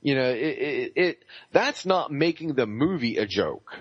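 A man co-hosting a casual gaming podcast, talking at an everyday pitch. He rambles through his points with plenty of fillers and the odd swear word. The sound is dull and lo-fi, recorded close and dry. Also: animated, unhurried, husky, no room sound. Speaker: podcast co-host.

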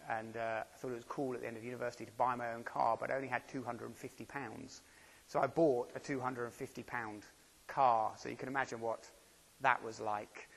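A man's voice: mid-range voice, gravelly, fairly bright tone. A man preaching a sermon, chatty and full of rhetorical questions. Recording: long reverb of a church hall.

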